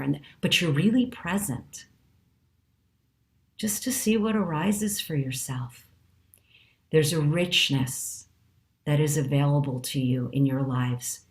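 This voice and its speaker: Middle-aged woman, low voice, calm and earnest mindfulness teacher with measured pauses. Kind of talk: teaching talk.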